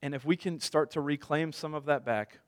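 A man's voice: fairly high pitch, moderate pace. Man preaching a casual sermon. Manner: conversational storytelling with self-deprecating humor. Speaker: pastor.

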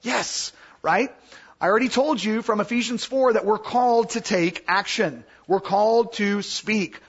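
A high-voiced, husky man teaches scripture to a class in a casual, animated way, acting out the voices he quotes. The recording sounds dull and lo-fi. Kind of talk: Bible teaching.

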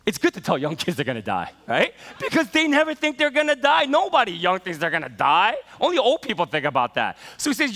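Bright-voiced man preaching in a hall. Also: sits high, wildly swooping pitch, quick pace, hardly any pauses. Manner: conversational, many fillers and asides to the congregation. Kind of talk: sermon storytelling. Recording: reverberant hall sound.

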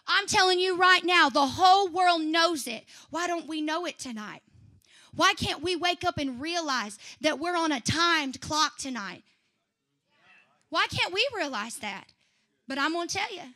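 A woman's voice: high voice, sharp tone. A woman in her twenties from Southeast Missouri with a twang, preaching an urgent, repetitive sermon at a youth service. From Southeast Missouri, USA. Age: 20s. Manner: fiery, repetitive and urgent, with emphatic rising appeals. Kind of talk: Pentecostal sermon.

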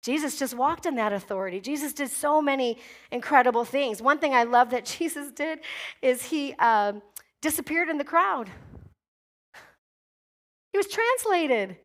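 A woman's voice: high-pitched, normal speed. A middle-aged woman pastor preaching a sermon, declaring commands with rising force.

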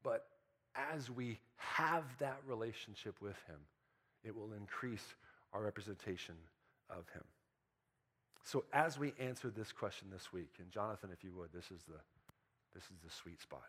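A man's voice: lowish voice, animated, normal speed, breathy edge. A man preaching a sermon in a casual, conversational way. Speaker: pastor. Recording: soft guitar music behind.

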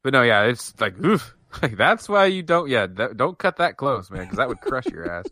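A man co-hosting a wrestling podcast, chatting casually with a bright, forceful edge. He gets animated, laughs often, and trails off mid-thought. The sound is dry and close-miked. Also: mid-range voice, moderate pace, no room sound. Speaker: podcast co-host. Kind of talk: casual wrestling review chat.

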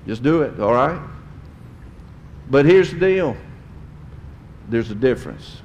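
A middle-aged man preaching a sermon to his congregation, speaking emphatically and swelling louder and higher on key points. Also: expressive, normal speed, long pauses, slight background noise. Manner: addresses the congregation directly. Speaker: pastor. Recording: long hall reverb.

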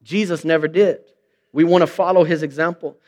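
High-voiced pastor preaching conversationally. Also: male voice, fairly even intonation, brisk. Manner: conversational preaching with rhetorical questions; acts out quoted remarks in mock voices. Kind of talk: sermon.

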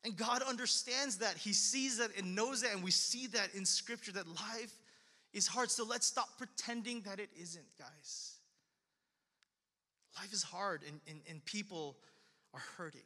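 A man's voice: high voice, measured pace, pushed and bright. A young man giving a casual, earnest sermon, speaking as a youth pastor, full of repeated phrases and filler words. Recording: long hall reverb.

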